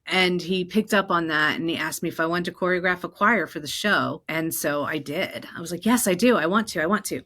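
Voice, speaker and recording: A woman from New Jersey hosting her own podcast, telling personal stories in an animated way and acting out the voices of the people in them. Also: low voice. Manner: animated, acts out quoted voices. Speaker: podcast host. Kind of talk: personal storytelling.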